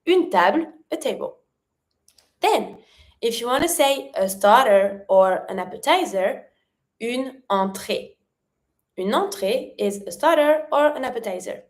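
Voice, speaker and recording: Woman, language teacher, slightly high voice, deliberate modeled pronunciation. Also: animated. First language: French. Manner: slows down to model words clearly. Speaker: French teacher. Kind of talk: online language lesson.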